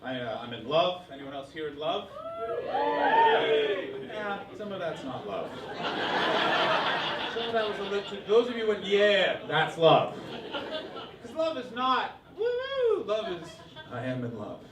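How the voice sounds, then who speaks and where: Animated man doing stand-up in a roomy club. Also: high voice, a little slow, heavy background noise. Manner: energetic, swings to loud mock voices. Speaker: stand-up comedian. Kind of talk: live stand-up comedy. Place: comedy club stage. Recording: roomy live club sound, distant mic, loud crowd laughter. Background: audience laughing.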